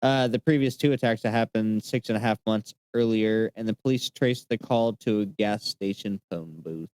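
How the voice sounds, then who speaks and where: A man talks through a case on a casual podcast, pausing often on fillers as he reads from his notes. His voice is smooth and resonant. The sound is dry and close, with no room around it. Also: on the low side, a little mellow, no echo. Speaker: podcast host.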